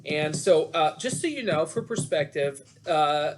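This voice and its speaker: Teaching physics online over a video call, a middle-aged man speaks a little slowly in an animated voice on the high side. He's chatty and jokes with his students between worked problems in this online lecture.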